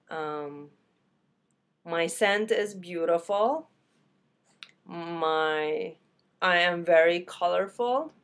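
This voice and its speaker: Slow, low-voiced woman teacher for a beginner lesson. Repeats every word twice, relaxed and chatty. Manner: casual, self-correcting. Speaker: Arabic teacher.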